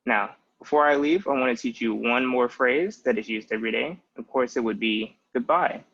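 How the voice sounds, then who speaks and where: A man's voice: medium pitch, vocal fry, a bit bright, lo-fi sound. A young man in his twenties giving a patient, casual language lesson with many "like" fillers. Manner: patient, explanatory, with frequent "like" fillers. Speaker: language teacher.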